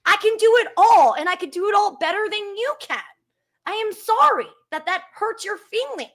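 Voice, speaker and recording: A woman's voice: very high voice, expressive, normal speed. Fired-up woman in her thirties ranting. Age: 30s. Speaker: guest. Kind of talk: heated live-stream chat.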